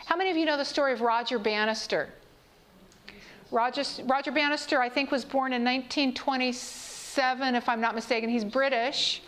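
A high-pitched woman speaking to a congregation in a sermon-style talk. She tells stories and asks her listeners questions. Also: fairly quick, fairly bright tone. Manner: storytelling, asks the audience questions.

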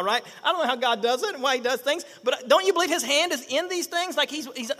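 A middle-aged male pastor preaching a sermon, animated, acting out quotes and firing rhetorical questions at the congregation. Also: very high voice, moderate pace, in a large hall.

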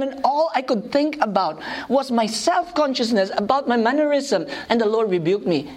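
A woman delivers a sermon through personal anecdotes. She is animated and pokes fun at herself, breaking into laughter often before turning back to her message. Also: high-pitched, normal speed, hardly any pauses. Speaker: preacher.

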